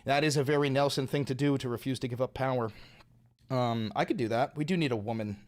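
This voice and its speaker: A man's voice: medium pitch, fast. A man livestreaming, ranting in a profane, mocking and taunting way. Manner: taunting, provocative.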